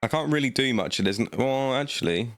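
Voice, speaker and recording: A man's voice: medium pitch, expressive, a little fast, a bit bright, dry recording, soft background music. A man, giving cocky, trash-talking commentary as he plays a card game. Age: late 20s. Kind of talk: gameplay commentary.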